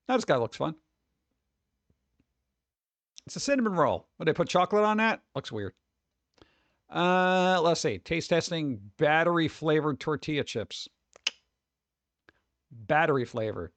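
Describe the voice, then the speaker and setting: A man's voice: a little high, very animated, a little slow, pauses often, a bit bright, no room sound. A man streaming casual commentary on food videos, exasperated and sarcastic, rambling and restarting.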